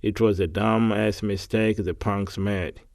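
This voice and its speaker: A man with a Tanzanian accent reading English practice sentences aloud, halting and repeating words. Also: lowish voice, steady tone, gravelly, a little mellow, no room sound, studio quality.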